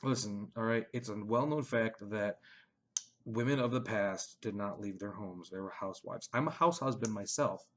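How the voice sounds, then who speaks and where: A young man hosting a casual Q&A, cursing often and swinging between mumbled asides and sudden shouted bursts. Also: on the low side, moderate pace. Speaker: page admin answering fan questions. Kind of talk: casual profane Q&A chat.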